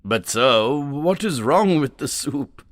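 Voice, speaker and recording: A man's voice: medium pitch, lively intonation, slow pace, dry recording, studio quality, voice pushed up. A man voicing a fawning, nervous male possum waiter in a storybook, who stammers as he hurries to please his customer. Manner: stammering, eager, bowing and scraping.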